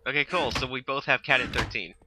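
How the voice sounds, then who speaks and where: A young man hosting a casual Let's Play, excitable and quick to yelp and laugh during gameplay. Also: mid-range voice, noisy background. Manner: excitable, yelps and laughs during game action.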